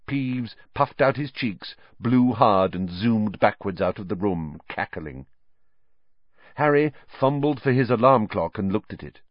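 A man narrating a novel as an audiobook in an expressive storytelling way. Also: on the low side, measured pace, dry recording, lo-fi sound. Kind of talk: scripted narration.

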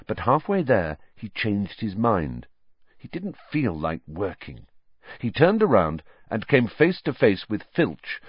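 A man narrating an audiobook with expressive storytelling. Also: deep voice, dry recording. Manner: expressive storytelling, varied voices. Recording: dull lo-fi dry recording.

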